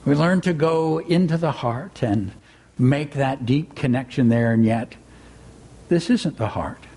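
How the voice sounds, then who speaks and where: A man giving a gentle, reflective spiritual talk in sermon style, weaving in a read-aloud story. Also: mid-range voice, a little slow, husky. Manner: gentle, reflective, reading with voices. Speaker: spiritual teacher.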